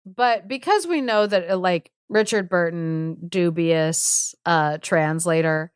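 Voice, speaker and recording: A woman's voice: fairly low pitch, slow, clean tone, dry recording, clean studio sound. A woman co-hosting a podcast, casually retelling a fairy tale in a chatty, joking way full of fillers. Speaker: podcast co-host.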